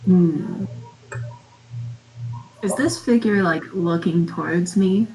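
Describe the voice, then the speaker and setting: A woman's voice: lowish voice, slow, darkish tone, a little hiss or hum, low-quality recording. A woman playing a tabletop game, chatting casually and hedging as she decides what to do. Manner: chatty, hedging, repeats words. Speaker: player.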